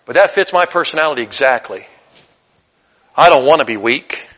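A man preaching a sermon as pastor, chatty and conversational, then building to loud, emphatic repetition. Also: mid-range voice, lively intonation, normal speed.

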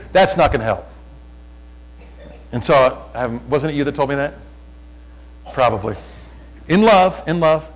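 A man preaching a sermon, telling folksy stories and talking loud, often repeating his phrases. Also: fairly high pitch, low-quality recording. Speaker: pastor.

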